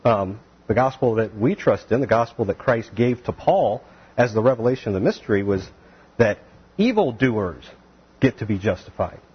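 Animated male Bible teacher, husky voice. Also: fairly low pitch, normal speed, muffled recording. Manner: animated, acts out voices of biblical figures.

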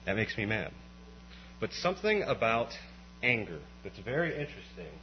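A man's voice: lowish voice, normal speed. Guy preaching a sermon, voice jumps all over when he gets fired up, kinda muffled lo-fi recording. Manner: animated, swings from quiet to impassioned rising outbursts. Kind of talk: conversational sermon. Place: evening church meeting. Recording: dull lo-fi recording with faint mains hum.

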